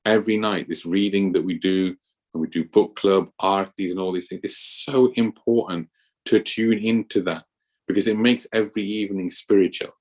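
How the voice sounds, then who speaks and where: A man's voice: low-pitched, moderate pace. A man giving an earnest scripture class at a temple, telling stories as he talks. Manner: storytelling, earnest, lively with acted quotes.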